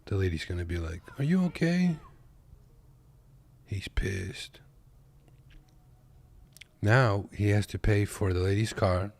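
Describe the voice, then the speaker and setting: Deep-voiced man in laid-back commentary. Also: steady tone, a little slow, creaky, long pauses. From Kazakhstan. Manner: laid-back, joking, talks to viewers as "boys". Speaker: truck driver and reaction video host. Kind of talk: casual reaction commentary. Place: at his desk.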